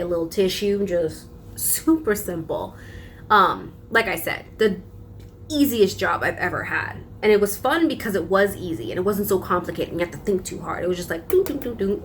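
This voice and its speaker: Animated young woman telling a story. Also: mid-range voice, a little hiss or hum. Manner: animated, laughing, dramatic emphasis. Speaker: vlogger. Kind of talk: casual storytelling vlog.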